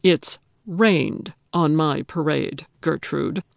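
A woman doing a deadpan grumpy man. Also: deep voice, slow, vocal fry, no room sound, studio quality, exaggerated voice. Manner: deadpan, condescending. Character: dry, sardonic grumpy man.

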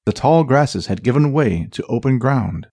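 A man narrating a fantasy audiobook in a dramatic, expressive reading. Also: medium pitch, normal speed, husky, no room sound.

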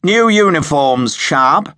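A man's voice: on the high side, animated, slow pace, sharp tone, no room sound, studio quality, pitched above the performer's own voice, heavily acted. A man voicing an eager, pompous young army lieutenant who yaps with enthusiasm. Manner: yapping enthusiasm.

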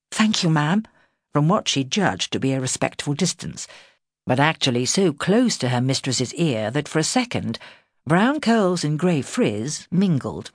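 A woman narrating a historical novel in a measured, expressive storytelling manner, close to the mic. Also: a bass voice, no echo. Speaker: audiobook narrator. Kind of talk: scripted narration.

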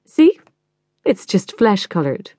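A woman's voice: mid-range voice, sing-song, takes it slowly, mellow, no room sound, clean studio sound. A woman voicing a glamorous, vain mother who drawls condescendingly. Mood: drawling.

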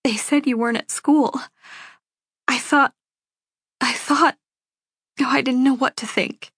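A woman voicing a middle-aged mother who is crying, her words shaky and halting. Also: high voice, steady tone, a bit bright, no room sound, clean studio sound, pitched above the performer's own voice, heavily acted. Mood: tearful. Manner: shaky, breathy through tears.

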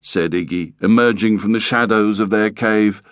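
A man's voice: fairly low pitch, normal speed, dry recording. A man narrating a children's audiobook in a playful, lightly comic storytelling manner.

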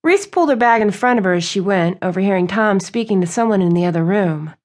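A woman reading a romance novel aloud as an audiobook narrator. Her storytelling is smooth and even. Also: mid-range voice, fast talker. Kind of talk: scripted narration.

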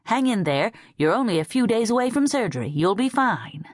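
Lady narrator doing an excitable cousin, high and gushy, dry close read. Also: brisk, no echo. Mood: excited. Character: gushing, excitable woman cousin.

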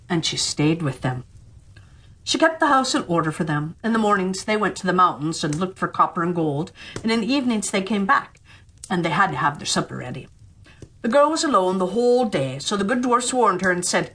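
A middle-aged woman reads a children's fairy tale audiobook as a storyteller. Her voice is soft and breathy at a middle pitch, and she reads expressively, slipping into the characters' voices. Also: sing-song, a little fast.

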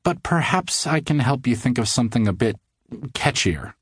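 A man's voice: medium pitch, sing-song, moderate pace, a bit bright, breathy edge, no room sound, clean studio sound, pitched above the performer's own voice. A man doing a tired young woman cartoonist. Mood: friendly.

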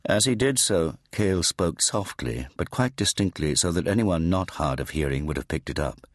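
A man narrating an audiobook in a measured, grave storytelling manner, on a close studio mic. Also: low-pitched, lively intonation, no room sound. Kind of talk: scripted narration.

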